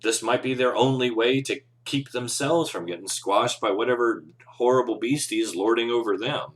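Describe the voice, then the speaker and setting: A game master and podcast host with a mid-range voice speaks at normal speed on a live show. He offers casual, earnest advice about running tabletop games, rambling in an encouraging way.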